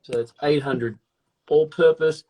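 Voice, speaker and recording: A man's voice: on the high side, steady tone, a little slow, warm tone. A man chatting casually on a live video stream while baking, joking and rambling in a self-mocking way.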